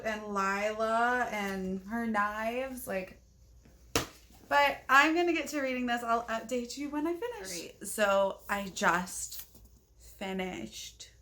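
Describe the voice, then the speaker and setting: Woman, casual reading vlog, unhurried pace, gushing, chatty, lots of "like". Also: mid-range voice, fairly bright tone. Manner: chatty and gushing, fills speech with "like"; yawning, talking at bedtime. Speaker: book vlogger.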